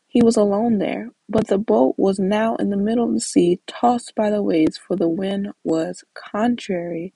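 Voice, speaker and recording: A woman's voice: mid-range voice, vocal fry, warm tone, husky, no room sound, rough recording. A woman leading a casual Bible study, reading scripture aloud and explaining it in a chatty way with many "like"s and small restarts. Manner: conversational, with frequent "like" and small restarts.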